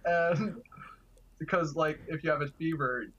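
A man's voice: fairly high pitch, unhurried, bright, forceful tone, highs cut off. A man telling casual stories as a guest, chatty and laughing through his anecdotes. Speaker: guest, kidney donor. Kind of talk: casual storytelling.

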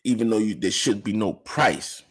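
Man, husky, casual commentary, slangy. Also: fairly low pitch, expressive, moderate pace. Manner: laid-back, laughing often, slangy asides. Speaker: host of an informal online show.

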